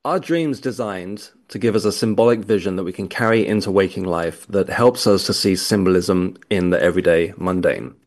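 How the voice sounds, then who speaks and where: A man's voice: low voice, moderate pace, hardly any pauses. A British man, a returning guest, asking a question with hesitant restarts. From Britain. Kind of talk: casual questioning.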